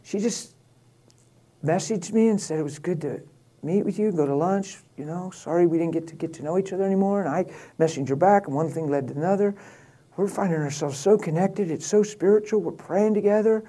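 A man's voice: high voice, a little fast. A man quoting his hesitant young son. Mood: earnest. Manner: tentative, soft, mealy-mouthed.

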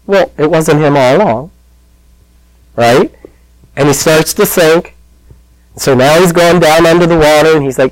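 A man's voice: a little high, measured pace, long pauses, no room sound, rough recording. A man preaching a conversational sermon, telling the story in a chatty, plain-spoken way.

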